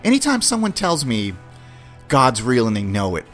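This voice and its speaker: A man's voice: medium pitch, wildly swooping pitch, faint music behind. A man hosting his own podcast, talking bluntly in a casual, opinionated monologue with slang and swearing, and acting out little dialogues. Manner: acts out little dialogues with put-on quick voices. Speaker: podcast host.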